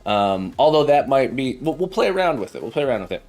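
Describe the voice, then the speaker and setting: A man's voice: mid-range voice, sing-song, fast talker, a little mellow. Chatty, joking male coding streamer. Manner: chatty and jokey, repeats phrases. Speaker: programming teacher and live streamer. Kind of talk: casual live-coding stream chat. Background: faint background music.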